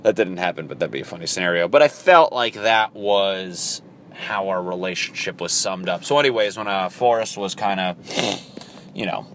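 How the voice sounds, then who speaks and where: A man's voice: deep voice, normal speed, a bit bright, slight background noise. A man around thirty rambling crudely through a casual solo podcast, joking and acting out quotes in silly voices. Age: 30s. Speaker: podcast host.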